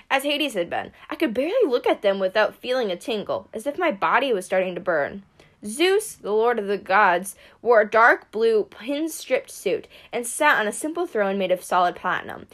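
A woman reading a first-person story aloud at a steady pace, with occasional slips. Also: mid-range voice, moderate pace. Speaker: reader.

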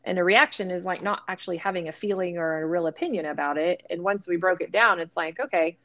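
Lower-pitched woman thinking aloud on a podcast. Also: fairly bright tone, dull audio. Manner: thoughtful, self-searching, quick asides. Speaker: podcast co-host. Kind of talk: casual conversational podcast.

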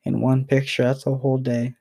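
Flat-voiced young man, rambling and emotional. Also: medium pitch, gravelly, slightly rough. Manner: rambling, halting, repeats himself and apologizes. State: emotional, near tears. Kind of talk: emotional personal vlog message.

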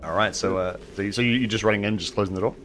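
A man narrating as game master for a tabletop game, halting often with fillers and restarts. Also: fairly low pitch. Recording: steady background hiss.

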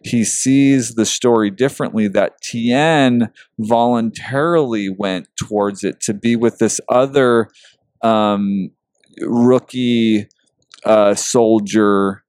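A man talking a book over in casual chat, earnest and emotional, pausing with fillers. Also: lowish voice, fairly even intonation, darkish tone, dry recording, studio quality.

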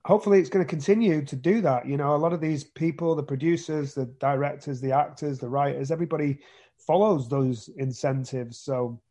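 A man's voice: fairly high pitch, fairly quick, mellow. A British man being interviewed about his acting career, talking casually with many restarts and repeated words. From Britain. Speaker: actor guest.

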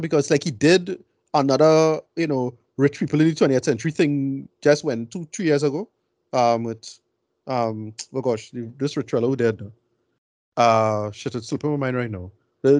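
A man's voice: fairly high pitch, darkish tone, dry recording, studio quality. A man giving blunt, rambling film opinions in a casual podcast chat. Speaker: film review podcast co-host.

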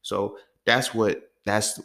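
A deep, gravelly man hosts a podcast, telling stories slowly in a casual monologue. His delivery is profane, streetwise and animated.

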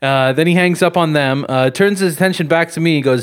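His voice a little high and clean in tone, this podcast co-host talks a little fast and hardly pauses. He's in a casual chat, telling a long story in a wandering way with fillers and chuckles.

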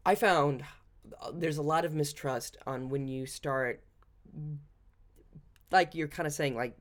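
A young adult speaker talking through a personal story in casual podcast chat. The voice sits at a middle pitch and meanders, leaning on "like" between thoughts. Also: slow. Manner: rambling, frequent "like" fillers.

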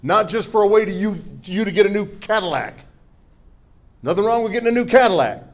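Fairly quick and high-voiced with lively intonation, a middle-aged pastor delivers a sermon. He reads scripture and leads call-and-response with the congregation, with forceful declarations and humorous asides.

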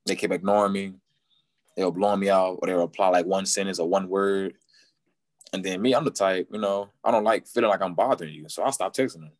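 Brief: twenties man, very low voice, dry close sound, laid-back slangy storyteller. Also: fast, dry recording. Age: 20s. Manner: slangy, repeats himself, quotes people. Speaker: guest. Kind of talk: casual storytelling.

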